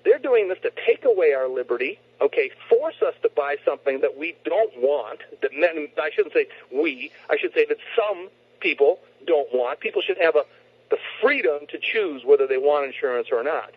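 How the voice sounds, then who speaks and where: A man's voice: fairly high pitch, expressive, moderate pace, breathy edge, dry recording. A man, a guest on a talk show, explaining his views earnestly over a phone line and often restarting his sentences. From United States. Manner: earnest, lecturing, frequent restarts. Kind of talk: opinionated interview talk. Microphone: telephone.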